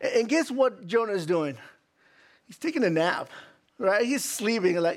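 A male preacher giving an animated sermon, full of stammered restarts and rhetorical questions. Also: high-pitched, unhurried, pauses often.

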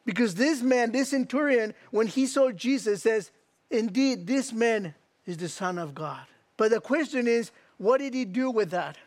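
Pastor guy preaching, really high voice, slows right down on the bible verses, dry close sound. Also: animated, no room sound. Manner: emphatic, slows down to read scripture, asks the crowd direct questions. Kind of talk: sermon.

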